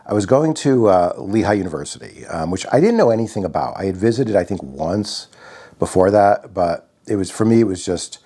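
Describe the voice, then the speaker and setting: A man from Connecticut telling a personal story in a reflective, halting way, often restarting his sentences. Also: deep voice, animated, warm tone, breathy edge. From Connecticut, USA.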